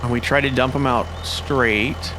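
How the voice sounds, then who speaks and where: A man's voice: mid-range voice, steady tone, a little slow, noisy background. A man giving casual gameplay commentary, thinking aloud in a rambling way and getting easily exasperated. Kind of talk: casual let's-play commentary.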